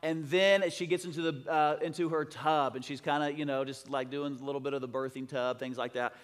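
A man preaching a sermon, telling a story in an excitable, rambling way with many restarts. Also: a little high, brisk. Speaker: pastor. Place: church sanctuary. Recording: long church hall reverb.

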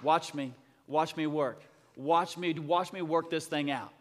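A man's voice: on the high side, measured pace, background noise, natural voice. A male pastor voicing God in a sermon, speaking earnestly with repeated assurances. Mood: reassuring. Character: God speaking, calm, reassuring male deity. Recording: long church hall reverb.

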